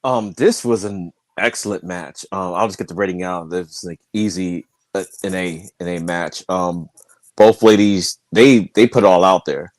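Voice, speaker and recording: Low-voiced man, relaxed and dry. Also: moderate pace, dry recording. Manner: relaxed, lots of ums. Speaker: panel guest. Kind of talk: casual chat.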